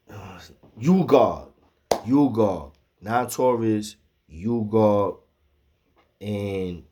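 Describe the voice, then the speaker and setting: A man telling a profane, animated street story, acting out the quotes. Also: lowish voice, breathy edge.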